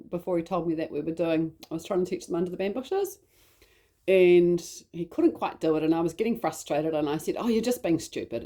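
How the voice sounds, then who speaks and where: Woman, 30s, casual rambling storyteller, warm and low-pitched. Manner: rambling, many fillers and side stories. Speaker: mother telling a personal story.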